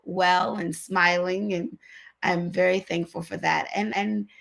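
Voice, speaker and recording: Woman co-host, gravelly, emotional and sincere, casual chat over a video call. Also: lowish voice, little pitch movement, slow, a bit bright. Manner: emotional, sincere, repeats herself. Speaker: co-host of a women's online talk show.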